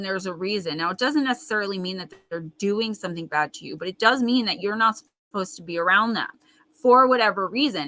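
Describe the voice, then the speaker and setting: A woman's voice: medium pitch, sharp tone, rough recording. A woman hosting a live card-reading stream, talking straight to viewers in a chatty, emphatic way and riffing on their comments. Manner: reads viewer comments aloud and riffs on them. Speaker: intuitive tarot reader, host.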